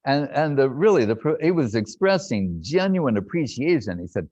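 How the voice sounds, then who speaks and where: An older man reminiscing in a lively storytelling talk, laughing and acting out what others said. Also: medium pitch, moderate pace, dry recording. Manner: animated, laughing, acts out quotes. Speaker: devotee recounting memories. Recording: dull lo-fi dry sound.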